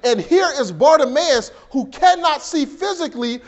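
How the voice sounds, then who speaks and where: A man preaching a sermon as pastor, swinging between hushed and raised delivery, often repeating words as he builds a point. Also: big pitch swings, a little slow, few pauses. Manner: preaching with dramatic swings in pitch and volume.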